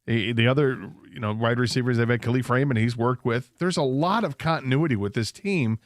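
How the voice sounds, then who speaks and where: A man co-hosting sports talk radio, breaking down football in a measured, analytical way. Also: medium pitch, dry recording, clean studio sound. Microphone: studio microphone.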